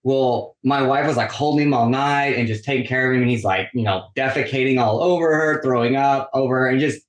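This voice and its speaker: A podcast guest with a mid-range voice talks fairly quickly, spinning a long story in casual conversation. He animates it by acting out quoted lines and says "like" constantly, all in a roomy, echoing space.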